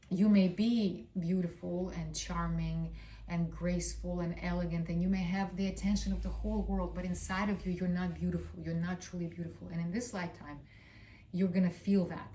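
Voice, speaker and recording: A woman's voice: fairly low pitch, mellow, slight background noise. A woman with a Russian accent giving a casual astrology reading, rambling with fillers and blunt swearing. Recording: roomy sound, distant from mic.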